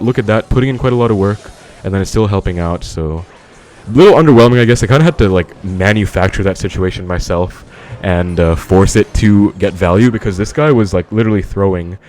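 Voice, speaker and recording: A man's voice: low voice, a little mellow, slight background noise. A man giving casual live commentary on his own game, thinking aloud and talking to viewers as he plays. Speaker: gaming commentator.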